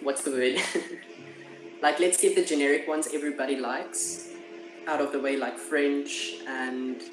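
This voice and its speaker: A man's voice: on the high side, steady tone, measured pace. Rambling South African man on video chat. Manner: rambling, hesitant, lots of fillers and laughs. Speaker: chat partner. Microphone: video call. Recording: echoey room with music behind.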